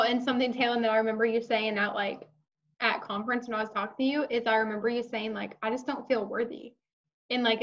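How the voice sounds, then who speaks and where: A woman's voice: on the high side, dull audio. A woman leading a team on a group video call, talking earnestly and encouragingly. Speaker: team leader in a sales business.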